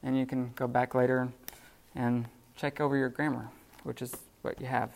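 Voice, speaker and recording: A man lectures a beginner class in a casual, halting way, stopping often for ums and quick restarts. His voice has a gravelly edge and sits at a middle pitch. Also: little pitch movement. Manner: casual, filler-heavy explaining with frequent restarts. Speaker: Greek teacher.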